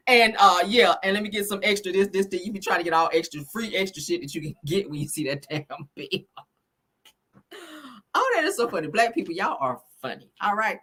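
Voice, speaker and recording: A woman's voice: medium pitch, expressive, brisk, fairly bright tone, breathy edge. A woman hosting a casual live stream, a little tipsy, chatting and swearing freely and calling her viewers honey and child. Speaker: host of a live gossip stream.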